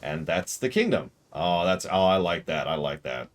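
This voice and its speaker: A man casually commentating a strategy game as he plays, joking and reacting out loud. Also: deep voice, big pitch swings, moderate pace. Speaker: streamer.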